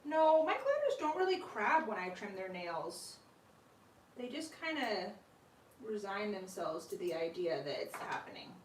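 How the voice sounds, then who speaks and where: A woman's voice: mid-range voice, big pitch swings, a little slow, a little hiss or hum. A woman host chatting casually on a live stream at home, talking fondly to her pets and laughing often. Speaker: sugar glider owner and channel host. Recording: roomy room with mic at a distance.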